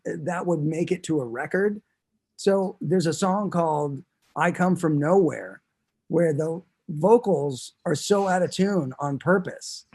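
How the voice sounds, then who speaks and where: A man in casual conversation, telling stories in an earnest, relaxed and reflective way. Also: on the high side, slightly rough. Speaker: guest musician. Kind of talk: casual chat.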